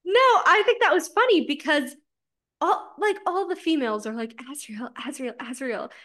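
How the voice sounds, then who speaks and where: A woman co-hosting a casual book podcast, animated, acting out characters' lines with frequent laughs and swearing. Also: very high-pitched, moderate pace. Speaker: podcast co-host.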